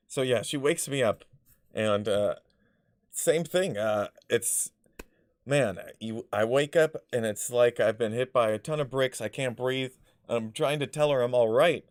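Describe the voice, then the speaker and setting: This man's vlog is a rambling run of personal stories, heavy with fillers, restarts and blunt swearing, and he often loses his thread. He speaks at medium pitch. The recording has studio quality and no room sound.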